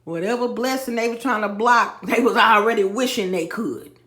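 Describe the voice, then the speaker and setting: A woman's voice: fairly high pitch, moderate pace, a bit bright. A woman vlogging in a casual monologue, talking emphatically straight to her viewers and repeating her points. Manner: emphatic, repeats phrases, addresses viewers as y'all. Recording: echoey room.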